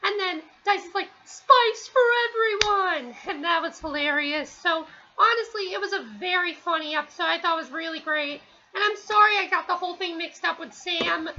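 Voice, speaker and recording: A woman's voice: extremely high pitch, brisk, sharp tone, highs cut off, a little hiss or hum. A woman giving a casual, rambling spoken review at home, with many fillers and restarts. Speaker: TV episode reviewer.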